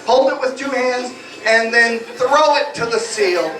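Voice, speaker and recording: A man's voice: very high-pitched, a little slow, bright, forceful tone. A man working as a stage hypnotist, playfully guiding volunteers through suggestions at a live comedy show in a small bar. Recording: echoey bar from far off, music behind.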